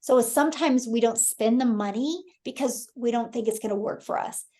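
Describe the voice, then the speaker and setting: A woman's voice: fairly high pitch, normal speed, warm tone. A woman in her thirties from Kansas hosting a live webinar, telling a story with enthusiasm and often addressing her audience as "you guys". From Kansas, USA. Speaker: host. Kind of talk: live webinar sales talk.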